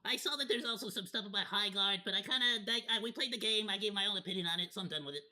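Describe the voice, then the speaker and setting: Streamer man, bright sharp voice a bit high, rambly and candid, casual swearing. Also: racing. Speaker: VTuber streamer. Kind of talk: casual watch-party commentary.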